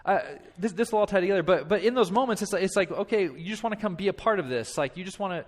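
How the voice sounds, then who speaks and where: A man's voice: high voice, quick pace. A pastor in his thirties preaching a sermon, with impassioned, repetitive phrasing and acted-out dialogue.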